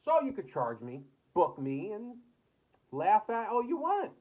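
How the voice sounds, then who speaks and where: A man's voice: high voice, huge pitch swings, a little slow. An American man delivering an angry, profanity-filled rant to camera, cursing and repeating himself. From United States. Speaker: vlogger. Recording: tinny phone-like audio.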